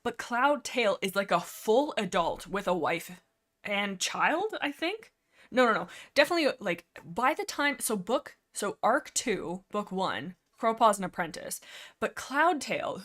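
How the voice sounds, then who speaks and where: A woman's voice: medium pitch, fairly bright tone. A young adult woman hosting a casual book discussion livestream from home on a desk microphone, rambling, getting heated and laughing often. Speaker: livestream host.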